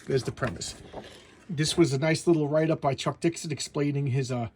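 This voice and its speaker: A man's voice: on the high side, a little fast, darkish tone, no echo. A man casually reviewing a comic book at home, talking in a chatty way with many stumbling restarts.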